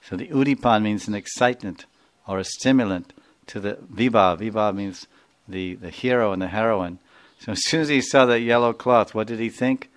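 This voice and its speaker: A man's voice: fairly low pitch, moderate pace. A man giving a sermon, telling a devotional story and explaining its terms. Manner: explains terms, laughs, acts out figures.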